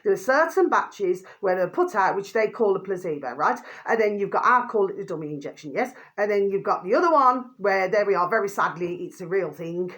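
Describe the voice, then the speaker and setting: A woman's voice: medium pitch, expressive, fairly quick, few pauses, a bit bright. A woman vlogging an angry rant to her viewers, swearing mildly and calling them by a pet phrase again and again. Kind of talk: ranting monologue to camera.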